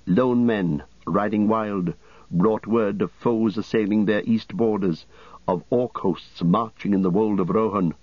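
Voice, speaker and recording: A man reading an audiobook as narrator in a steady, measured way. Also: fairly low pitch, dry recording, lo-fi sound. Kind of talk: scripted narration.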